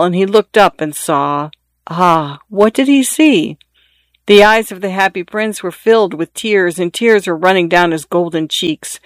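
A man reads a fairy tale aloud in a measured, expressive way. His voice sits high for a man. The recording is close and dry. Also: dry recording. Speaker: narrator. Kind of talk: storybook reading.

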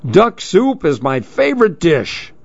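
A man voicing a sly, scheming male wolf who talks in a smooth, falsely generous way. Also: high-pitched, huge pitch swings, a little slow, no echo, dull audio, voice pushed up, heavily acted.

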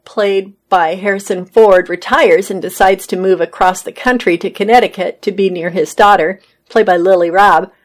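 A woman reading entertainment news articles aloud as a host, adding casual asides of her own. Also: mid-range voice. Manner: reads articles then adds casual personal comments.

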